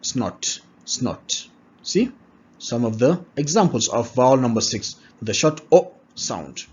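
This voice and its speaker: Slow, husky man drilling vowel sounds. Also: medium pitch, big pitch swings, dull audio. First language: not English. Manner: slow, repeats each word several times with checks like "all right?". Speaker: pronunciation teacher. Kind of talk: pronunciation lesson, drilling words aloud.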